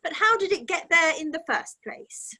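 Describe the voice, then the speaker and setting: Woman playing a bright taunting interrogator. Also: very high-pitched, lively intonation, normal speed, heavily acted. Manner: taunting, probing. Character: mocking female interrogator, mother-daughter-holy-spirit figure. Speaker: actor in an online script reading. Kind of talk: online script reading. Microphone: video call mic.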